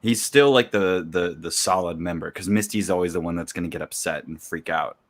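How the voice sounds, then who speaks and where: A man co-hosting a casual chat, talking in an animated way and slipping into silly voices. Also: sits low, a little fast.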